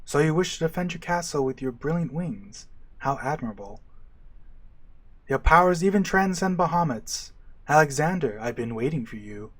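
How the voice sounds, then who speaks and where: A man voicing a grandiose, theatrical male villain, speaking softly and dramatically while reading game dialogue. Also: expressive, normal speed. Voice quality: soft, lowered, dramatic delivery.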